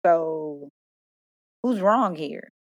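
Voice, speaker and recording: A woman's voice: low-pitched, lively intonation, drawn-out words, no echo, highs cut off. A young woman co-hosting a casual chat, blunt, profane and playful, laughing often. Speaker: podcast co-host.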